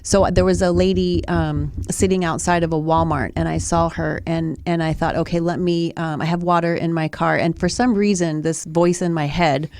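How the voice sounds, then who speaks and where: A woman chats on a podcast with a fairly low voice. She tells her story in a rambling way, restarting her sentences often. The sound is dry and close. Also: dry recording. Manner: rambling with many restarts and fillers. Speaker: podcast co-host. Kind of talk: casual storytelling chat. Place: podcast studio.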